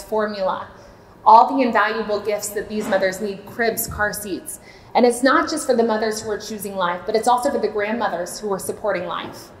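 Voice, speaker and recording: In an echoey church hall, a Florida woman in her late thirties who directs a maternity home shares a personal testimony at a seminar. Her medium-pitched voice is earnest and heartfelt as she speaks openly, with slight background noise.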